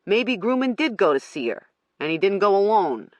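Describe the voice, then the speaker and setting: Reader doing a blunt tough guy cop, short questions, lively pitch. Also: moderate pace, no echo. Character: gruff male police detective, blunt.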